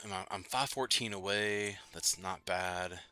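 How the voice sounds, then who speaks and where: A man hosting a late-night gaming livestream, chatting loosely with viewers, full of fillers and quick laughs. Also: on the low side, pushed and bright. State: itchy nose. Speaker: livestream host. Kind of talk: casual gaming livestream chat.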